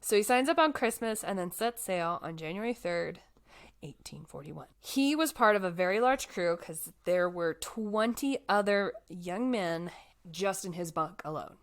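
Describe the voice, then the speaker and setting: A woman's voice: lowish voice, unhurried. Chatty young woman telling a story. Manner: chatty, animated storyteller with frequent "like" fillers. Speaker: podcast co-host telling a life story. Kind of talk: casual chat.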